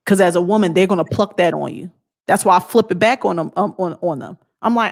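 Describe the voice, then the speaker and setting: A woman's voice: mid-range voice, quick pace. A woman vlogger giving a blunt, emphatic motivational talk in a casual way.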